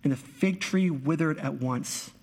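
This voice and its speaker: A man's voice: a little high, measured pace, a little mellow. A man preaching an earnest, emphatic sermon as a pastor. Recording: long hall reverb.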